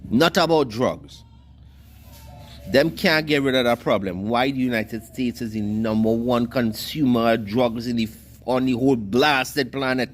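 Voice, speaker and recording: A man's voice: medium pitch, measured pace, slight background noise. Heated Trinidadian man ranting to camera, scornful and foul-mouthed, mid-range voice. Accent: Trinidadian Creole English. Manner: heated, scornful, cusses freely. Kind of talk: ranting monologue.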